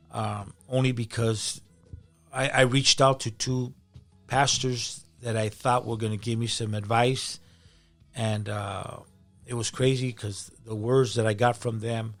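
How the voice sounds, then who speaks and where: A middle-aged man speaks as a pastor recounting his own story, his voice carrying a gravelly rasp. He talks with feeling and often doubles back on his words. Soft music plays faintly behind him. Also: mid-range voice. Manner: emotional, repeats words when moved. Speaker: pastor, podcast guest. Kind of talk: personal testimony in conversation.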